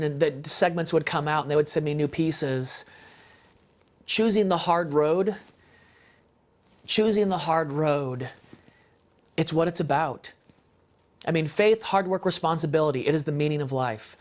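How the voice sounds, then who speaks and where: A man speaking as an interview guest in an impassioned, emphatic, preacher-like way about faith and family. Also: a little high.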